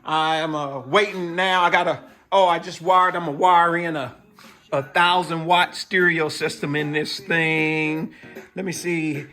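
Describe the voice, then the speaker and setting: High bright-voiced man rambling. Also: steady tone, unhurried. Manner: chatty, rambling storytelling. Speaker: bike builder vlogger. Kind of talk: casual chat to camera.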